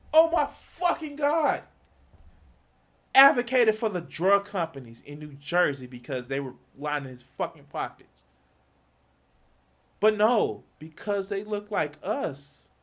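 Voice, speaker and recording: A man's voice: sits high, a bit bright. A man streaming, delivering a heated, profane political rant, repeating himself and swearing often.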